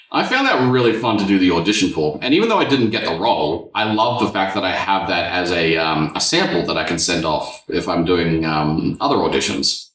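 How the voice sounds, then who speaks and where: A man's voice: sits low, normal speed, few pauses, distant mic. A man, chatting casually and rambling a little as a podcast host. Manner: relaxed, rambling storyteller. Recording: echoey room, a bit off-mic.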